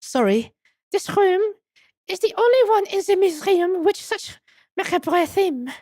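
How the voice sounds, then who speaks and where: A woman's voice: extremely high pitch, animated, a little slow, warm tone, dry recording, pitched above the performer's own voice. A woman voicing a genteel, formal woman museum curator who speaks politely and a little apologetically.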